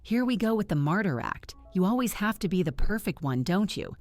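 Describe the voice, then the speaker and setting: A woman's voice: mid-range voice, big pitch swings, brisk, a little mellow, faint music behind, voice pushed up. A woman doing a sneering, entitled younger sister. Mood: mocking. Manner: mocking, dismissive.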